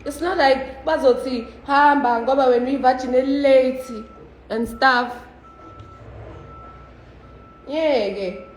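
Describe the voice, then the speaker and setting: A woman's voice: high voice, measured pace, roomy sound, slight background noise, low-quality recording. A South African woman chatting casually on a phone livestream, switching between languages and swearing freely.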